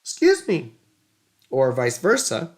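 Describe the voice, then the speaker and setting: A woman's voice: very deep voice, huge pitch swings, slow. A woman giving a casual astrology reading, chatty and rambling, drifting into side stories. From United States. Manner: rambling, digressive, chatty, self-mocking.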